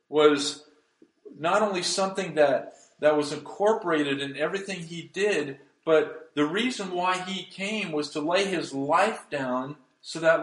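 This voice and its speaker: A pastor preaching a sermon, swinging between loud emphasis and hushed, soft passages. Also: male voice, a little high, roomy sound, rough recording.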